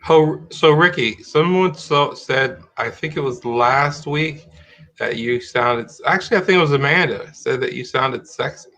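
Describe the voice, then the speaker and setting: A man's voice: mid-range voice, a little slow, fairly bright tone. A middle-aged man hosting a live-streamed talk show in casual chat, rambling and restarting his sentences as he thinks aloud.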